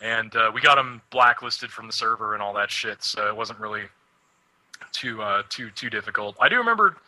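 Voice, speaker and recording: A man's voice: on the low side, animated, moderate pace, sharp tone, low-quality recording. A young man co-hosting a casual radio show, rambling and swearing, laughing often. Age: young adult. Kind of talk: casual chat.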